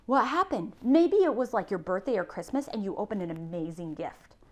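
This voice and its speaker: A woman teacher giving a recorded class lesson, slowly sounding out spelling rules in a patient, encouraging way. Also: medium pitch, lively intonation. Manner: slow, patient, sounding out words.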